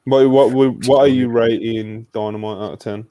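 A man's voice: medium pitch, fairly even intonation, normal speed, dark tone, no room sound, muffled recording. Laid-back man hosting a podcast. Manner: laid-back, loose, filler-heavy, reads viewer messages. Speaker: podcast host. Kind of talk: casual wrestling podcast chat.

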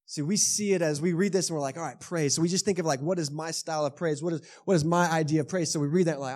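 A man in his thirties with a Texan accent, preaching a lively sermon to his congregation and asking them questions as he goes. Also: on the high side, fast talker, few pauses. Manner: lively storytelling with bursts of shouting; conversational, asks the congregation questions. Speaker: pastor. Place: church sanctuary.

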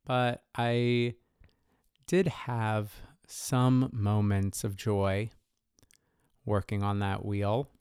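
A man's voice: lowish voice, little pitch movement, extremely slow, darkish tone, clear, resonant tone, no echo. A man co-hosting a podcast in casual chat, playful with a dry humor. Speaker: podcast co-host.

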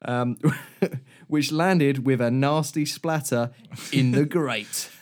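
Giggly podcast host. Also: male voice, medium pitch, slow pace. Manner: giggly, reads quotes with a chuckle. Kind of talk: casual comedy podcast chat, reading news stories aloud.

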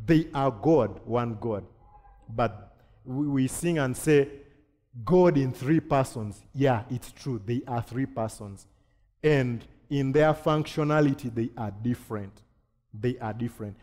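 Animated preacher in a reverberant hall. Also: male voice, mid-range voice. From Kenya. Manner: animated preaching with jokes and acted-out quotes. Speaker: pastor. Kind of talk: sermon.

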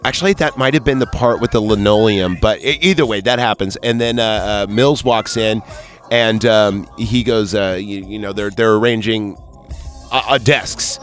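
A man co-hosting a casual movie podcast, rambling and swearing as he acts out scenes in quick voices. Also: on the low side, fairly bright tone, faint music behind. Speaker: podcast co-host.

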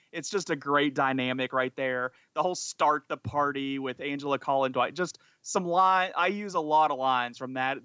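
Eager, rambling man, fairly high voice. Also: sharp tone, smooth, dry recording, dull audio. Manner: enthusiastic, rambling, many "like" fillers. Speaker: podcast co-host. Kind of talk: casual chat.

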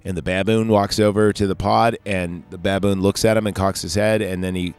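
A man's voice: low-pitched, fairly even intonation, fairly quick, clear, resonant tone. A man hosting a solo podcast, recapping a film in a casual, rambling, profane way. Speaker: podcast host.

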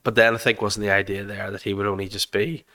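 Brief: man in easygoing podcast banter, jokey and quick to riff. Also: fairly low pitch, flat delivery, sharp tone. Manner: jokey, riffs with quick impressions. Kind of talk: casual chat.

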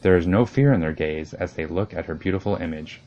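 A man narrating an old legend in a measured, solemn storybook reading. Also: sits low, darkish tone, muffled recording.

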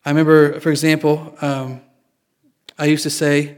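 A man's voice: fairly high pitch, flat delivery, moderate pace, darkish tone, clean tone. A man preaching a sermon in a casual, confessional way, joking with his listeners. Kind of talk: conversational sermon.

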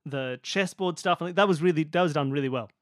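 A man co-hosting a podcast in casual chat, playful and quick to laugh and tease. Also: a little high, dry recording, clean studio sound. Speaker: podcast co-host.

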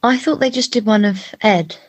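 A young woman co-hosting a podcast, playful and quick to laugh and riff on jokes. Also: medium pitch, slightly rough. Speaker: podcast co-host. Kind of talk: casual chat.

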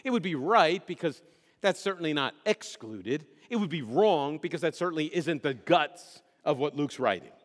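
A man's voice: a little high, lively intonation, moderate pace. A middle-aged male pastor preaching a conversational sermon, joking and putting questions to the congregation. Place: church sanctuary. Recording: long hall reverb.

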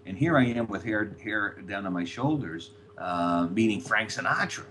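Brief: older man from the New York area with a low voice, rambling storyteller who repeats words, guest on a podcast. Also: animated, moderate pace, a bit bright, a little hiss or hum. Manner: rambling, repeats words, laughs at his own stories. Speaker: guest, former record label executive.

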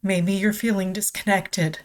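A woman's voice: mid-range voice, flat delivery. A woman hosting a devotional podcast, speaking in a tender, confessional way and reading scripture aloud. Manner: slow, tender and confessional, near tears.

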